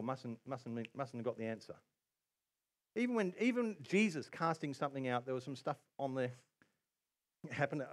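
A man preaching a sermon as pastor, telling a story with quoted asides and bursts of excitement. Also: on the high side.

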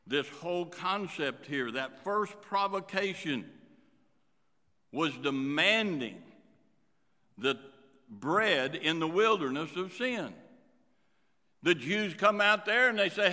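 A man preaching a sermon as pastor, swinging between loud emphasis and quiet asides. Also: a little high, very animated, takes it slowly, long pauses. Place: church sanctuary. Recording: reverberant church hall.

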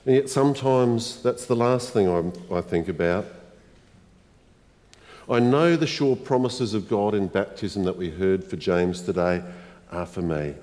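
Slow, reflective man preaching in a reverberant church. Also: mid-range voice, warm tone. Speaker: pastor. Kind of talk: sermon. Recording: long reverb of a church hall.

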